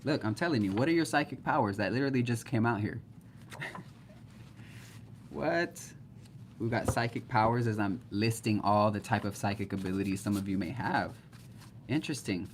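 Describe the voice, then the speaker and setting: Man, tarot reader, casual live stream, blunt, chatty, cursing, lowish voice, faint hiss. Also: fairly quick. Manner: blunt and chatty, swears freely.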